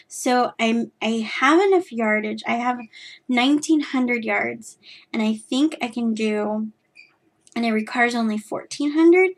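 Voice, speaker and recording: A woman's voice: fairly high pitch, creaky. A woman from California, hosting her knitting podcast in a rambling, self-deprecating chat full of fillers and restarts. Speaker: podcast host.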